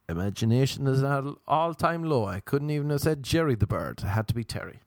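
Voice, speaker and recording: A man's voice: medium pitch, expressive, fast talker, few pauses, darkish tone, no room sound. Guy rambling on his podcast, voice bouncing all over, super dry close sound. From Ireland. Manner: playful, rambling, jokey with sudden sung and silly voices. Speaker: podcast host. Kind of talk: casual solo podcast monologue.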